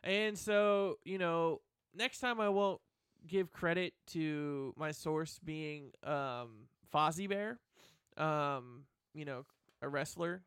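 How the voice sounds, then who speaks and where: A man hosting a rock radio show, talking fast and teasing his co-host. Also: fairly high pitch, a bit bright, clear, resonant tone, dry recording, studio quality. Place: radio studio.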